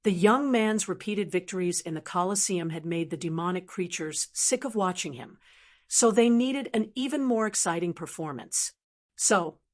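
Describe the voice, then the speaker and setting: A woman narrating a fantasy novel audiobook in a steady, even storytelling manner. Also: on the low side. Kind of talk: scripted narration.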